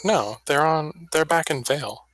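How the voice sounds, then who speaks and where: A man's voice: a little high, fairly bright tone, no room sound, poor audio. A man playing a tabletop game in casual chat, hesitant and full of fillers. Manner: hesitant, filler-heavy, slow. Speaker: player.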